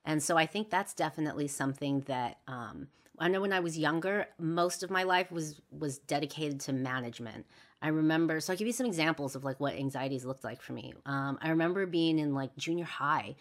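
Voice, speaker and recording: Low-voiced woman musing candidly. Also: brisk. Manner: reflective, earnest, many fillers and restarts. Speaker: podcast host. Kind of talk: candid personal monologue.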